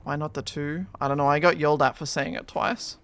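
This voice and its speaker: A man's voice: on the high side, steady tone, brisk, a bit bright, clean tone. A man streaming a game, chatting casually with a friend and teasing chat in a playful way.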